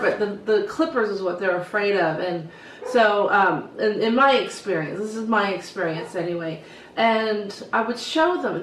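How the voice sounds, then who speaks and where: A middle-aged woman hairstylist telling stories in a casual, lively way and acting out what she said to the kids. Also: fairly high pitch, slight background noise. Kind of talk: casual storytelling to camera. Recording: echoey room, voice from some distance.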